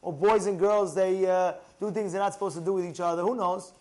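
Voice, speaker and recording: A man, a rabbi, telling stories and teaching about marriage in a lively way, asking the listener questions and at times raising his voice to a shout. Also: high voice, fairly quick. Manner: animated, asks the listener rhetorical questions, raises voice to a shout for emphasis. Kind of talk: storytelling talk on marriage.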